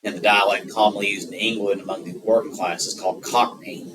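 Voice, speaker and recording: A man with a Southern American accent giving an unscripted geography lecture, rambling with many filler pauses. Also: on the low side, little pitch movement, fairly bright tone. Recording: distant mic with noticeable background noise.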